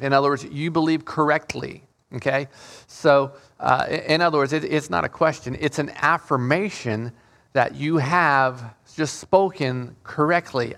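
A man's voice: medium pitch, normal speed, a bit bright. A man leading an informal Bible study, reading King James scripture aloud and explaining it with frequent restarts and repeated words. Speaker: Bible teacher.

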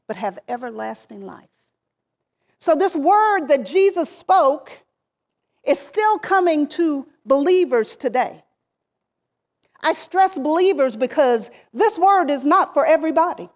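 A woman preaching a sermon, deliberate and emphatic, with phrases that rise and then trail off softly. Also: high voice. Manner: slow, deliberate preaching with emphatic rises and soft trailing endings.

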